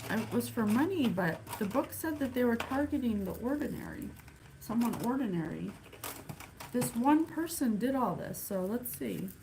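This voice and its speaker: A woman giving a casual psychic reading, thinking aloud with sighs and halting pauses. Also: fairly high pitch, expressive, vocal fry, heavy background noise. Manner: musing, sighing, thinking aloud; slow, halting, counts things off one by one. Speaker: psychic reader. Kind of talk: casual spirit reading to camera.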